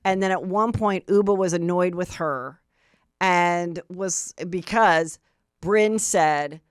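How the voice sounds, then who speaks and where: A middle-aged woman hosting a podcast, gossiping in a lively way and acting out what others said. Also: lowish voice, slow, smooth, no room sound, clean studio sound. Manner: animated gossiping, acting out quotes. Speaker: podcast host. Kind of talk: casual pop culture chat.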